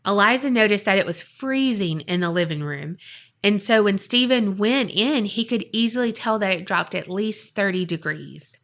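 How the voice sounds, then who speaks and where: A woman's voice: mid-range voice, lively intonation, normal speed, a bit bright. Chatty woman telling a spooky story. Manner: chatty, dramatic, filler-heavy. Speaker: podcast co-host. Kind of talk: casual storytelling.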